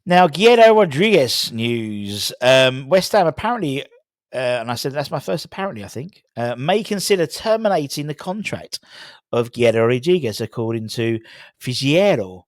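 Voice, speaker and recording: A man talks casually through football transfer news, rambling and restarting his sentences as he goes. His voice sits at an ordinary middle pitch and sounds dry, close to the mic, with little room sound. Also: sing-song, moderate pace, no room sound. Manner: rambling, many fillers and restarts. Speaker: football fan channel host.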